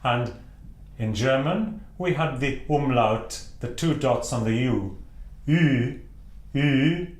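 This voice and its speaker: Man, from Wales, singing teacher, slow deliberate delivery, precise enunciation, demonstrates vowels, echoey room. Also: medium pitch. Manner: demonstrates vowel sounds aloud. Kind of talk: instructional talk to camera.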